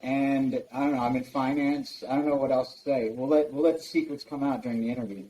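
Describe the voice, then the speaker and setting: A man's voice: medium pitch, fairly even intonation, quick pace, mellow, rough recording. A man in his forties from New Jersey, a guest telling loose stories full of fillers and swearing in a casual interview. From United States, New Jersey. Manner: loose, profane storytelling with many fillers.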